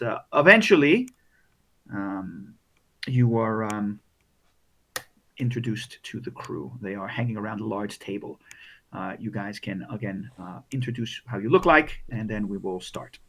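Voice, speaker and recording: A man's voice: on the low side, expressive, normal speed, fairly bright tone, slightly rough. Rambling man running a tabletop game. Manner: rambling, full of fillers and restarts. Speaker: game master.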